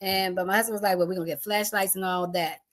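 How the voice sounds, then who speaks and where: A middle-aged woman tells a personal storm story, acting out her family's voices in an animated way. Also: mid-range voice, quick pace.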